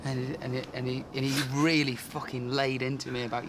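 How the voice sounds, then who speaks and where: A man's voice: medium pitch, level tone, a little fast, background noise. A young man chatting backstage, sardonic and joking, with frequent swearing. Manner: wisecracking, sardonic, swears freely. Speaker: pop singer. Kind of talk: casual backstage chat. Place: backstage room.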